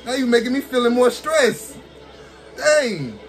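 A man with a fairly high voice talks through a fighting game match, excitable and chatty, cheering and scolding the characters on screen. His commentary jumps between calm explanation and sudden loud reactions. Faint music plays behind him. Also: a little slow. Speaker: gaming streamer. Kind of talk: casual gameplay commentary.

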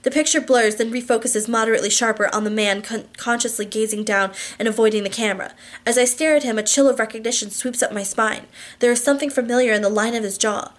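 A woman's voice: a little high, steady tone, quick pace, few pauses. Woman reading a novel aloud. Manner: reads with frequent restarts and slips. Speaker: audiobook reader.

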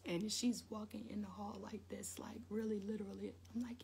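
A woman's voice: mid-range voice, fairly even intonation, moderate pace, gravelly, darkish tone, slight background noise. A middle-aged woman hosting an early-morning devotional livestream, chatting casually with viewers and laughing often while she tells a story.

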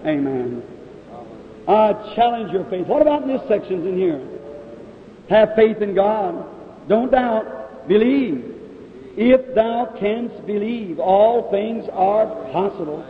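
A man's voice: high-pitched, animated, slow. A male preacher at a revival healing service, speaking directly to people in the audience and calling out their ailments. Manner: addresses audience members directly, calls out ailments. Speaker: evangelist preacher. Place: large meeting hall. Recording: echoey hall on a tinny old 1950s tape.

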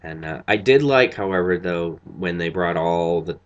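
A man's voice: deep voice, expressive, normal speed, lo-fi sound. A tired man giving a casual, rambling spoken review of a TV episode, full of fillers and restarts. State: tired after a long night.

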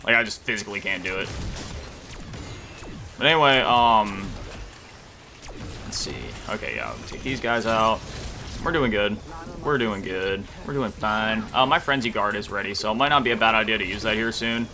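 Here a gaming YouTuber chats through his gameplay, tired at an early hour, with loose, jokey rambling and sing-song asides. He speaks in a lowish, bright, forceful voice with lively intonation, fairly quick but pausing often, and some slight background noise.

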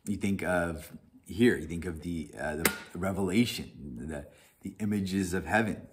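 A man's voice: deep voice, moderate pace, noisy background. A man leading a Bible study, reading scripture and then talking it over loosely, with frequent restarts, "right?" and chuckles. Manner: animated, many restarts and "right?", chuckles often.

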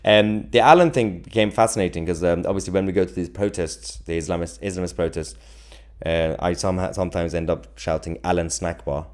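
A man's voice: low-pitched, steady tone, a little fast, a little mellow, smooth. A man hosting a political live stream, chatting casually and jokily as he reads viewer comments, with frequent chuckles and rambling asides. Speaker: political livestream host.

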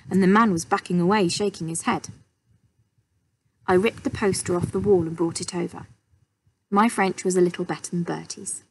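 A woman, a primary school teacher, reading a children's novel aloud with expressive storytelling. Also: on the low side, slight background noise, rough recording. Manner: expressive storytelling, voices for characters.

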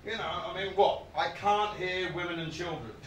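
A man's voice: high-pitched, normal speed. Male comic on stage, foul-mouthed and laughing, mic kinda far off, echoey club. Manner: animated, swearing, laughing storyteller. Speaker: stand-up comedian. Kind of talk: stand-up comedy routine. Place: live comedy venue with audience. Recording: roomy venue, distant mic, audience noise.

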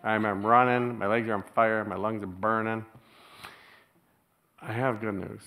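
Man preaching a lively sermon. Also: fairly low pitch, measured pace. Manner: storytelling, chuckles often, animated when quoting others. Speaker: pastor. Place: church.

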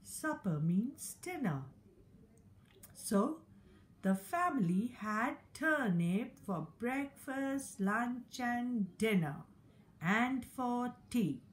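A woman teacher tells a story to very young children in a sing-song voice. She speaks very slowly and swoops up and down a lot. Her voice sits fairly high. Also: animated. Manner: slow, sing-song, counting along with listeners. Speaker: early years teacher.

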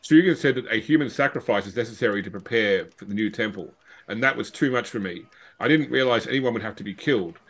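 A man's voice: fairly low pitch, fast, a bit bright, poor audio. A man reading out a letter as a frightened male cult member pleading for help.

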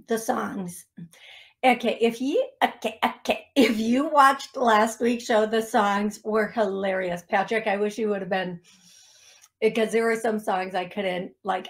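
A woman hosting a psychic medium radio show, chatty and self-deprecating, often laughing at herself. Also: a little high. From United States. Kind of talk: casual radio show talk.

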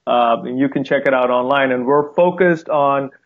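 A young Indian-accented man speaks as an interview guest, friendly and eager, with filler words along the way. His voice comes through a thin, phone-like video call line, pitched in an ordinary middle range. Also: moderate pace. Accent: Indian, softened by time in the U.S. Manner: friendly, enthusiastic, with fillers and light laughs. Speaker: wildlife conservationist guest. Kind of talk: casual interview talk. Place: home room with a guitar behind him.

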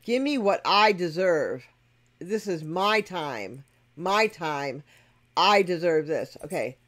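A music reaction host explaining to viewers. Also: medium pitch. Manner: emphatic and explanatory, addresses viewers directly. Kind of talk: casual spoken commentary to viewers.

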